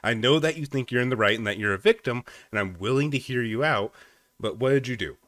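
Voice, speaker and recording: A man's voice: medium pitch, fast talker, a bit bright, no echo. A man hosting reaction commentary. He questions and mocks the clip in a blunt, incredulous, sarcastic way. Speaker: commentary host.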